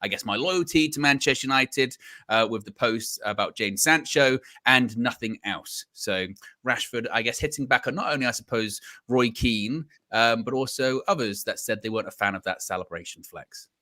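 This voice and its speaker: A man co-hosting a casual football podcast, laying out the news in a measured, hedging way. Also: medium pitch, bright, forceful tone. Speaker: co-host.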